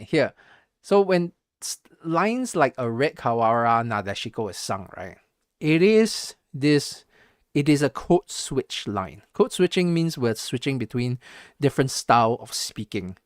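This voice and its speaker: A man's voice: mid-range voice, no echo, clean studio sound. A man with Southeast Asian English, switching into a more American-sounding accent, chatting casually on a live stream, rambling and correcting himself as he hums musical beats. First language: not English.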